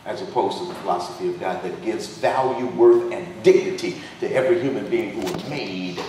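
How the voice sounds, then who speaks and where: In a brisk, mellow, lowish voice, a pastor and congressional candidate preaches a fiery political sermon, driving his points home through repetition and an emphatic, climbing rhythm. The mic catches him from far off in a highly reverberant dinner hall, with a faint hum of noise beneath.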